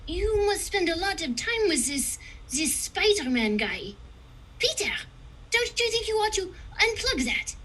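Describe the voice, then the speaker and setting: A woman voicing a curious teenage girl in a comedy table read, with a deliberately terrible French accent. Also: extremely high pitch, big pitch swings, fairly bright tone, full character voice. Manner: exaggerated bad French accent.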